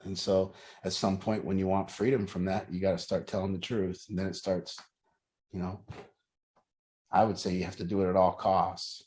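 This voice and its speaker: A man's voice: deep voice, level tone, normal speed, a little mellow. A middle-aged man leading a group, talking earnestly and working through his thoughts with repeated rhetorical questions. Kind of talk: reflective group talk.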